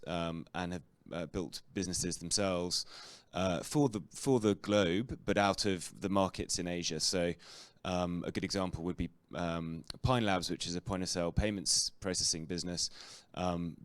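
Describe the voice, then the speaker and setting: A man with a hoarse, croaky voice introducing himself as a venture investor on a conference panel, relaxed and full of fillers. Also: deep voice, no echo. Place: stage at a fintech demo day event.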